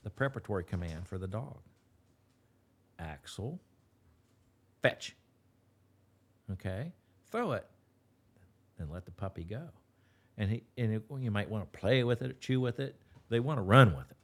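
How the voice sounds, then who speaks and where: A man's voice: on the low side, fast talker. A man with an Appalachian accent, a dog trainer talking as an interview guest in a folksy, rambling way with many restarts. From West Virginia. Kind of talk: casual interview talk.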